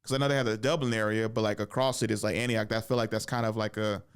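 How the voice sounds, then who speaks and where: A man in his thirties, a comedian hosting a podcast, talking casually in a rambling, profane, animated way in a podcast studio. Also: on the low side, fast talker, clean tone. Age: 30s.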